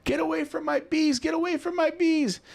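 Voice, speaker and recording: A shrill, furious beekeeper. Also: male voice, fairly even intonation, normal speed, gravelly. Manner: yelling, frantic, shooing someone away. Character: angry male beekeeper guarding his hives. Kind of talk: retold anecdote in a podcast.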